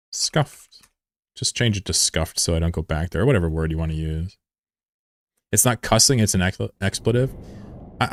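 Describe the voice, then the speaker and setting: A man's voice: low-pitched, no room sound. A man streaming a game, chatting casually with his audience in a rambling, profane way and chuckling often. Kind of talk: casual live-stream commentary.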